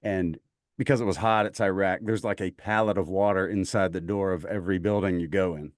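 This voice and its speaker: Low-voiced Southern man telling a story. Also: fairly quick, no room sound, studio quality. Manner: animated storyteller, acts out quoted voices. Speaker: podcast guest, voice actor. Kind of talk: casual storytelling chat.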